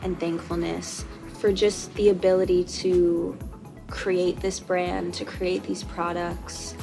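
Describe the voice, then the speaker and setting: A woman's voice: on the low side, flat delivery, takes it slowly, gravelly, over music. Heartfelt young woman vlogging. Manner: heartfelt and openly emotional. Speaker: brand founder. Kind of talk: casual vlog narration.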